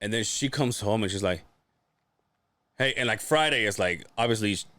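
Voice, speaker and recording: A man's voice: normal speed, no room sound. A man co-hosting a podcast, telling stories in casual chat and swearing freely. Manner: animated storyteller, swears freely, acts out quotes in a high voice. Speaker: podcast co-host.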